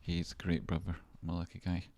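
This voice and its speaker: Scottish male host, low-pitched and dry-sounding, playful, self-talking, swears freely. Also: completely flat delivery, quick pace, a little mellow, no echo. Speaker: market analysis host. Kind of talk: casual rambling market commentary.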